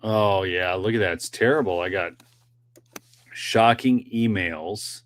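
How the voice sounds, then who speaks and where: Chatty low-voiced male show host. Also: steady tone, a little fast, a bit bright. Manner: chatty, addresses viewers directly, frequent fillers. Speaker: political commentary show host. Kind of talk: casual livestream commentary.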